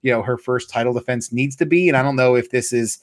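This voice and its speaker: A man's voice: mid-range voice, fast talker, no room sound. Laid-back man in profane, dry podcast banter. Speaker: podcast co-host. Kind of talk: casual chat.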